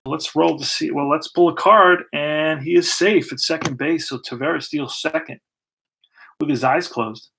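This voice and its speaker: In a laid-back play-by-play, a man hosts a tabletop baseball replay, musing aloud as he rolls dice and pulls cards. His voice is fairly high with vocal fry, his pace moderate, and there is background noise.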